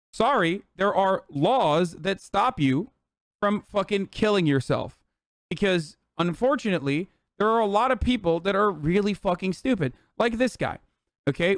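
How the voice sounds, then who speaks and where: A man doing casual livestream commentary, profane, sarcastic and animated. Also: fairly high pitch, no room sound, studio quality. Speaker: streamer.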